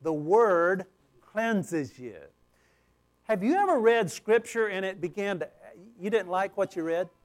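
A man with a high voice preaching a sermon. He speaks emphatically, turns to the crowd with frequent "okay?" checks, and moves between raised, pleading lines and soft, low asides. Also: very animated, unhurried. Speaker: pastor.

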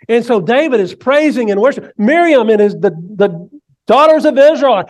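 High-voiced preacher with soaring swings. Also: male voice, animated, normal speed. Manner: dramatic, swings from hushed to soaring cries; leads the congregation in call and response. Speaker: pastor. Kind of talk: sermon.

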